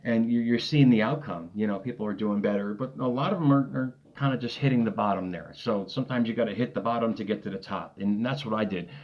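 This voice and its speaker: A man's voice: fairly low pitch, quick pace, hardly any pauses, highs cut off. A man giving an early-morning motivational talk from his desk, upbeat and rambling, laughing often and repeating himself. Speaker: motivational coach. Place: home desk.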